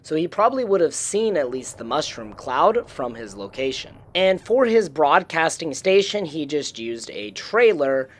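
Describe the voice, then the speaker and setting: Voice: medium pitch, very animated, normal speed, few pauses. A YouTube host narrating a gameplay tour voice-over in an informative, chatty way.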